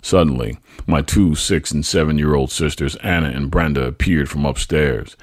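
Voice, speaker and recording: A man's voice: a bass voice, moderate pace, husky, no room sound, studio quality. A man narrating a family memoir as a podcast host, telling it dramatically and acting out the quoted lines. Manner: dramatic storytelling, voices quoted speech loudly. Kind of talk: memoir reading.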